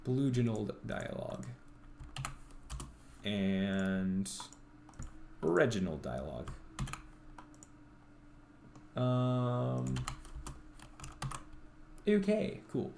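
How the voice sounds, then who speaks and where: Brief: man, lowish voice, game dev streamer muttering to himself, faint typing behind. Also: very animated, very slow, creaky, long pauses, mellow, slight background noise. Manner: rambling, self-talking, full of ums and restarts. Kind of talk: livestream thinking aloud while coding.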